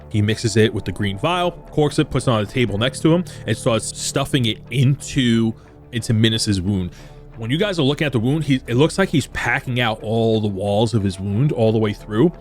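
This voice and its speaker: A man's voice: mid-range voice, normal speed, faint music behind. A man narrating a tabletop role-playing game as game master, loose and chatty with frequent fillers.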